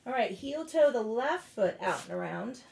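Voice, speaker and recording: A woman yoga instructor guiding a class out loud, casual and profane, breaking off into blunt joking rants. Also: a little high, expressive, normal speed, gravelly. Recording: echoey room.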